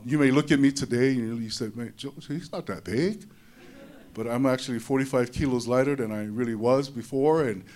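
A man giving a personal testimony to an audience. He talks in an animated way, repeats his words, and drops low and soft in tender moments. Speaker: speaker sharing a personal testimony. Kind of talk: emotional storytelling speech.

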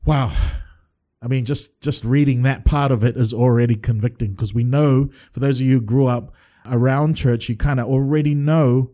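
A man's voice: mid-range voice, fairly even intonation, normal speed, dark tone. A man preaching a sermon as a pastor, earnest and emphatic, often restarting his phrases.

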